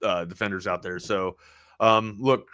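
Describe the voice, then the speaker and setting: A man's voice: lowish voice, fairly even intonation, a little slow, bright, forceful tone, smooth, no room sound. A man co-hosting a live sports talk stream, talking loosely with plenty of filler words. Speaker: sports talk show co-host.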